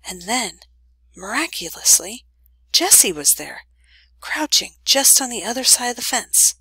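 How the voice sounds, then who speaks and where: A woman reads a children's novel aloud, gentle and even in her storytelling. Her voice is bright and crisp, and the close recording is completely dry. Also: fairly high pitch, measured pace, no room sound, rough recording. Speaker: reader.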